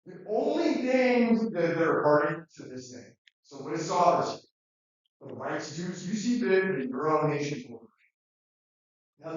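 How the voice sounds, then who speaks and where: A man giving a classroom lecture in a rambling, conversational way, with many fillers and restarts. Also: fairly high pitch. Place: lecture room. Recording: muffled, very echoey, distant.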